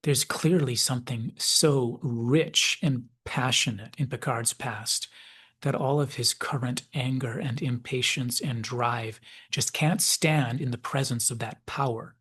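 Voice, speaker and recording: A man with a husky, slightly breathy voice talks through a story in a thoughtful analysis. He muses aloud at a middling pitch and now and then sinks into a soft whisper. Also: steady tone, measured pace. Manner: reflective, musing, drops into soft whispers at times. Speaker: video essayist.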